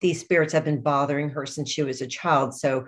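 A woman with a low voice talks casually as an interview guest. She laughs easily and trails off into fillers as she explains herself. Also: fairly even intonation, a little fast. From grew up in London. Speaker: author guest.

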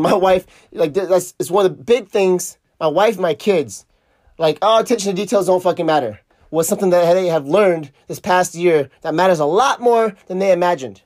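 A middle-aged man hosting a podcast, telling a story in a casual, profane, animated way. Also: high-pitched, no room sound, clean studio sound. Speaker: podcast host.

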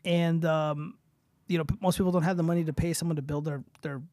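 A man's voice: on the high side, steady tone, fairly quick, darkish tone, no room sound. A young man hosting a casual livestream, reading posts aloud and swearing freely in loose, rambling commentary. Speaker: streamer host.

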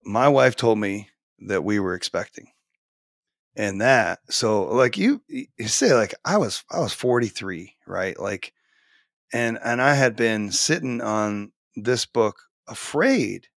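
A man in his forties, a teacher and author, guests on a podcast from his home office, talking animatedly in a casual conversational interview full of fillers and restarts. His voice is fairly low and gravelly, slow, with big pitch swings. The studio sound is clean, with no room echo.

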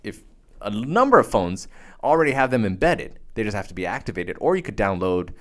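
A man's voice: on the low side, very animated, brisk. A man appearing as a guest in a casual studio conversation, jumping in eagerly to offer his own ideas. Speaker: guest, radio talk show host.

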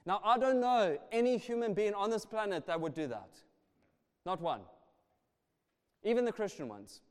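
A high-pitched man delivers a passionate sermon. His volume swells and falls as he drives each point home. The sound carries the long reverb of a big hall. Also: animated, normal speed, smooth. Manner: passionate, rising and falling in volume. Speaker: preacher.

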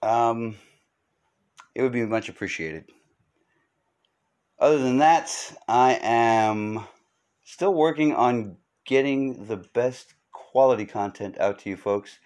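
A man's voice: mid-range voice, slow pace, pauses often, a little mellow. A man hosting his own podcast, rambling through a comic monologue in a joking, self-mocking, sarcastic way. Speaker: podcast host.

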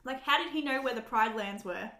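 A woman's voice: fairly high pitch, a little fast, bright, forceful tone. A woman co-hosting in casual, chatty recap talk, laughing often and acting out quotes. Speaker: podcast co-host. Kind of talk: casual chat recapping a film. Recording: echoey room.

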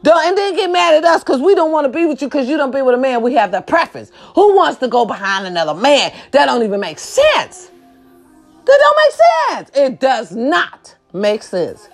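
A woman ranting to camera, blunt and profane, firing rhetorical questions and swinging between shouting and low muttered asides. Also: sing-song, fairly quick, hardly any pauses, faint music behind. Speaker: social media commentator. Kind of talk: impassioned rant to camera.

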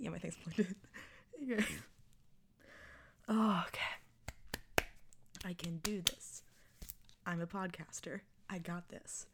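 A woman's voice: medium pitch, vocal fry, a little mellow. A woman in her early twenties hosting her own podcast in casual chat, rambling and self-mocking, laughing often. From Texas. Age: 20s. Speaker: podcast host.

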